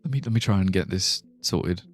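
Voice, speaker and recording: A man's voice: deep voice, fairly quick, soft background music. A young man streaming a game live, chatting loosely, swearing casually and laughing at his own ideas. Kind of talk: live gameplay commentary.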